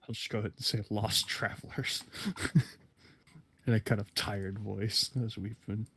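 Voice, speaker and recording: A man's voice: fairly low pitch, level tone, measured pace, slightly rough. A man playing a tabletop game, talking in a matter-of-fact way. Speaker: player. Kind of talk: casual tabletop play.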